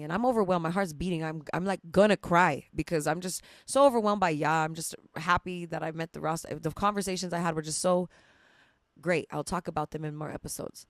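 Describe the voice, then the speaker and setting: A young woman hosts a podcast, telling a rambling personal story, chatty and emotional, laughing often and swearing casually. Her voice is on the low side and fairly quick, with a dry, clean studio recording.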